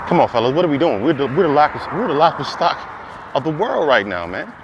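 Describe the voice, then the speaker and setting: Over a muffled recording with background noise, a commentator with a fairly high voice speaks fast, his pitch swinging widely. He delivers an impassioned, preaching monologue, piling up rhetorical questions that build to emphatic peaks.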